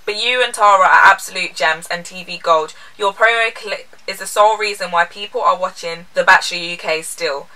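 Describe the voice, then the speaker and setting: A woman's voice: medium pitch, a little fast, hardly any pauses, sharp tone, recorded from a distance, rough recording. A young woman, chatting candidly and playfully as she answers viewer questions in a vlog. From England. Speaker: lifestyle vlogger. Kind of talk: casual Q&A vlog.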